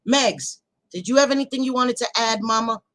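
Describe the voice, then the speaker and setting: A woman's voice: fairly high pitch, fairly quick, rough recording. Profane, fiery woman ranting at her chat. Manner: profane, fiery, swings from shouting to quiet. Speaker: livestream host. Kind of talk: heated casual rant to live chat.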